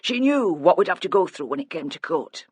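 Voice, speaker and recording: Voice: mid-range voice, very animated, brisk, husky, no echo. A narrator doing a subdued grieving father. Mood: guilty. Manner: subdued, hesitant, plain-spoken. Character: grieving older father, quiet and guilt-ridden.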